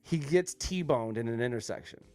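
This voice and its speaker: A man's voice: medium pitch, animated, normal speed, a little mellow, faint music behind. A man hosting a podcast, talking in a blunt, rambling, profane way. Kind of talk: casual chat.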